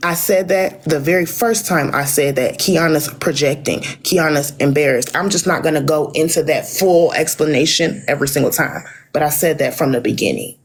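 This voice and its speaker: A woman's voice: sits low, normal speed, few pauses, breathy edge. A woman arguing on a live stream, insisting on her point and defending herself. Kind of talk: heated argument on a live stream.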